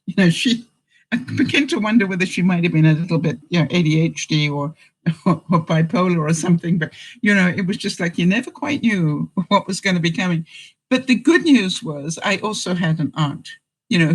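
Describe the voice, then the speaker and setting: A man with a rather high voice chats loosely to his vlog audience. He rambles through stories with plenty of fillers and frequent chuckles. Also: rough recording. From England. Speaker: vlogger host. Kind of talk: casual chat answering viewers.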